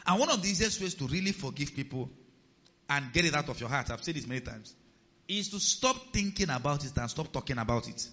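Preacher guy, kinda high voice, big echoey church, loud then quiet, asks the crowd stuff. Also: a little fast. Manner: animated preaching, rising and dropping in loudness, asks the congregation questions. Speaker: pastor. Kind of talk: sermon. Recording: reverberant hall, dull sound.

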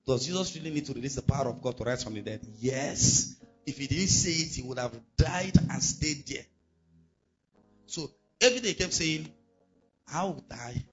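A man's voice: mid-range voice, lo-fi sound. Emphatic preacher man. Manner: emphatic, rhetorical questions to the congregation. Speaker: pastor. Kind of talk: sermon.

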